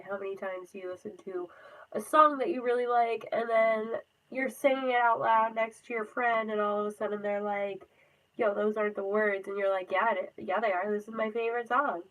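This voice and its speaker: A woman's voice: mid-range voice, narrow, tinny audio. A young woman chatting casually on a phone livestream, rambling with lots of fillers and frequent laughs. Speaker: livestream host.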